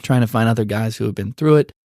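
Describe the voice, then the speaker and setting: A man with a gravelly, mellow voice talks through a faith-based podcast conversation as co-host. He is reflective and halting, leaning on fillers. The sound is close and dry. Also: fairly low pitch, no room sound.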